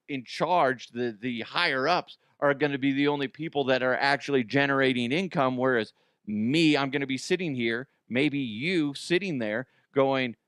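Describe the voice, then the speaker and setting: An American man hosts a comedy news show in a crude, self-mocking monologue. His fairly high voice swings up and down a lot as he jokes. The recording is dry and close, with no room around it. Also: no echo. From United States. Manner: animated, profane, self-mocking.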